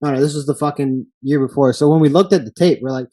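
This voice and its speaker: A man's voice: on the high side, fairly even intonation, fast talker, mellow, dry recording. A man hosting a casual podcast interview, a fighter himself, telling stories in a blunt, laid-back way with plenty of swearing. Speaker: podcast host and MMA fighter.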